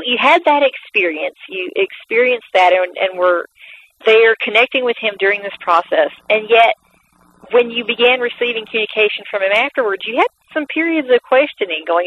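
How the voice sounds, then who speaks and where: A woman hosting an interview, affirming her guest and restarting her phrases often as she asks questions. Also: fairly high pitch. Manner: warm affirming, halting restarts. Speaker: host, interviewer. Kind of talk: interview podcast. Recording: dull lo-fi sound with faint noise.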